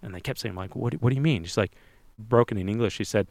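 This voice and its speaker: A man talking at a quick clip with a slightly low voice, recorded dry and close. He is telling a personal story on a podcast and slips into animated voices when he quotes people. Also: dry recording. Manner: animated, acts out others' lines in voices. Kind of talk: casual interview storytelling.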